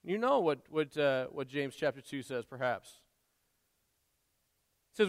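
A man's voice: mid-range voice, lively intonation, a little slow, pauses often. A male pastor preaching a sermon in a church, earnest and conversational, with frequent restarts and asides. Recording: long reverb in a large hall.

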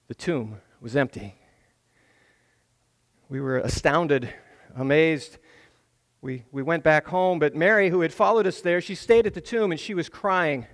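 A pastor playing the Apostle John, high voice. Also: male voice. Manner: earnest, breathless storytelling with stammered restarts. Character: Apostle John, adult man, awed eyewitness. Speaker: pastor acting in a church drama. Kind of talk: first-person dramatic monologue.

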